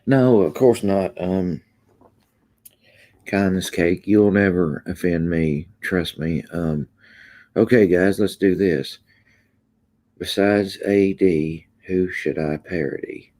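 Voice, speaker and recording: Deep, mellow male livestream host, easygoing drawl with lots of ums. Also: takes it slowly. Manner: laid-back, drawling, trailing off with ums. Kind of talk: casual livestream chat reading comments.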